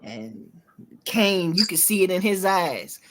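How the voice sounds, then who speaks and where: A woman's voice: fairly low pitch, takes it slowly. A woman, telling a TV episode's plot in casual chat and acting out the quotes. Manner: animated storytelling, acts out quotes, swears freely. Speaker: host.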